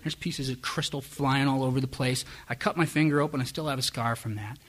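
A man shares his own story with a group in a candid, self-deprecating way. Wry chuckles slip into his talk. His pitch sits in the middle range for a man. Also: steady tone, fairly quick, a bit bright. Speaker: speaker sharing his story at a recovery meeting. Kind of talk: personal testimony.

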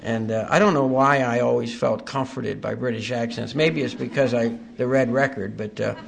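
An older man with a gravelly, creaky voice tells his recovery story to a meeting. He speaks at a middle pitch, haltingly, with many fillers and a dry, self-mocking humor. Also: fairly even intonation, crowd noise. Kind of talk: personal recovery testimony.

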